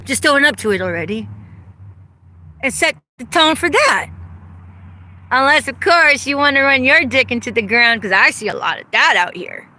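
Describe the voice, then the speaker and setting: A woman's voice: high voice, lively intonation, normal speed, pauses often, bright, forceful tone. A woman ranting angrily and profanely outdoors, delivering an accusatory vlog monologue. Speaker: vlogger.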